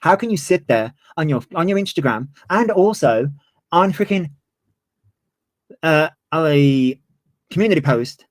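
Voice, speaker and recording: A man's voice: on the high side, animated, unhurried, pauses often, dry recording. A man in his twenties, ranting heatedly on a livestream and swearing freely. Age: 20s. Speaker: streamer. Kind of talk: livestream commentary.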